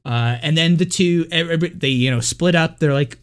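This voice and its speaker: A man's voice: on the high side, normal speed, clear, resonant tone. A man co-hosting a podcast, recapping a film in a rambling, casual way, full of likes and uhs. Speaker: podcast co-host.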